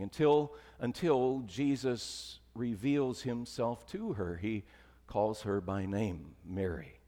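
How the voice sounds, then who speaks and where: In a reverberant church, a man gives a sermon as pastor. He preaches conversationally, sinking at times into soft, emphatic lows.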